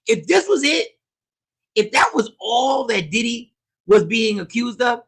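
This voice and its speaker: A man hosting a casual livestream, commenting on the news and reading viewers' comments aloud, animated and repetitive. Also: very high voice, measured pace, slightly rough. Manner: animated, talks back to chat, repeats himself. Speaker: host.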